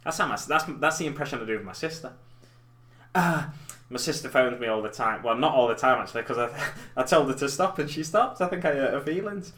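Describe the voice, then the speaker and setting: Here the same sort of host, a man in his thirties, keeps up rambling, self-deprecating chatter as he paints miniatures on a live stream. His medium-pitched voice is animated and fairly bright, moving fairly quickly, captured on a desk mic placed before his keyboard.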